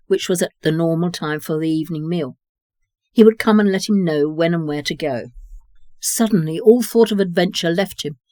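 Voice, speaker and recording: A narrator reading a story in a measured, even way. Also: medium pitch, no echo. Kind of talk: audiobook narration.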